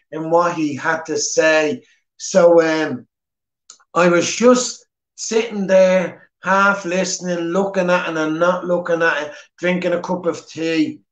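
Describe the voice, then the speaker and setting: A man with a Dublin Irish accent telling his personal testimony at church in an earnest, plain-spoken way. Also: a little high. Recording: echoey church hall.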